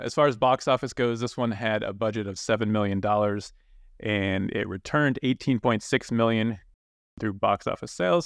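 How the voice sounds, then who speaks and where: A man co-hosting a casual podcast, relaxed and rambling with many fillers. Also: fairly low pitch, dry recording, studio quality. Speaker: podcast co-host.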